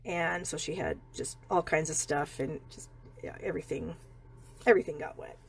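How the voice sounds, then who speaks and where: A woman's voice: deep voice, moderate pace, creaky, breathy edge. A middle-aged woman chatting and rambling casually as she hosts a card-making live stream from her home craft room.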